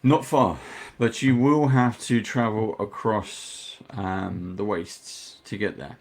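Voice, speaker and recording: A man running a tabletop game, speaking in character as a leader briefing the party in a slow, measured way. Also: on the low side, steady tone. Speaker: dungeon master.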